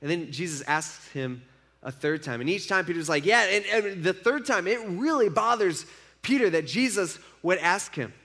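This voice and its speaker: A man's voice: high-pitched, animated, moderate pace, sharp tone. A man preaching a casual sermon, retelling a story and acting out the speakers' lines in an everyday voice. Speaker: pastor.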